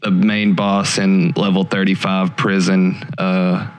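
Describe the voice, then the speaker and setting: A man in casual chat, relaxed and rambling, often searching for the right word. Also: deep voice, takes it slowly, clean tone.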